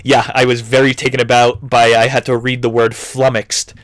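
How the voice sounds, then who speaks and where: Man, casual book recap, jokey, mid-pitched voice, dry room. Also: level tone, moderate pace, a bit bright, no echo. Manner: jokey, laughs at his own jokes, swears casually. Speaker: book review vlogger.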